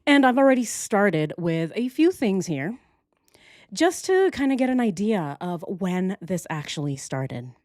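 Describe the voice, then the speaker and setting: A woman's voice: mid-range voice, very animated, measured pace, a little mellow, no echo, studio quality. A woman hosting a casual livestream, joking with her chat and thinking aloud as she works through a timeline. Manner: playful, jokey, addresses chat directly. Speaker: true crime livestream host.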